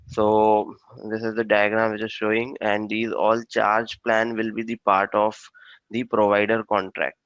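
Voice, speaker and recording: A male instructor giving a technical training lecture, talking in a halting way with frequent fillers and restarts. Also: lowish voice, level tone, fairly bright tone, no echo, muffled recording.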